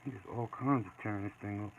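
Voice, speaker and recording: A man casually chatting while he draws live, reading and answering viewer comments in a relaxed way. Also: on the low side, quick pace, creaky. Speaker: artist streaming live. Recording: dull lo-fi with faint noise.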